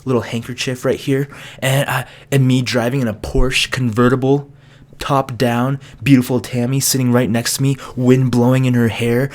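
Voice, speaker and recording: A young man, a college student, casually telling a funny story to camera, laughing and acting out voices. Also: mid-range voice. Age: young adult. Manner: animated, laughing, acts out voices. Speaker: vlogger.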